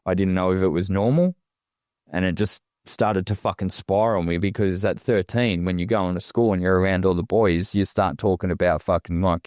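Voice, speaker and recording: Deep-voiced Australian man, raw and halting. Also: steady tone, darkish tone, no room sound, clean studio sound. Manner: raw, halting, heavy swearing. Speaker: podcast guest. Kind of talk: emotional personal testimony.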